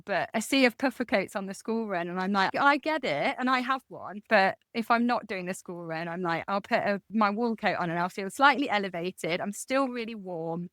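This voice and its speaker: A woman with a Midlands accent chats on a podcast about what she wears. She rambles, restarts her sentences and pokes fun at herself. Her voice sits at a middle pitch, close and dry. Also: fairly bright tone, no room sound. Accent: English Midlands. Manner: chatty, rambling, self-deprecating with many restarts. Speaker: guest print designer. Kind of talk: casual podcast chat.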